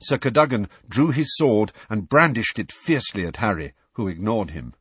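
A man's voice: lowish voice, big pitch swings, normal speed, fairly bright tone, husky, dry recording. A man narrating a storybook aloud, reading expressively. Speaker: audiobook narrator.

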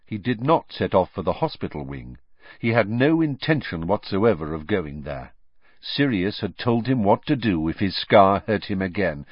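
A man narrating an audiobook with an expressive, dramatic reading. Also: fairly low pitch, no echo, highs cut off.

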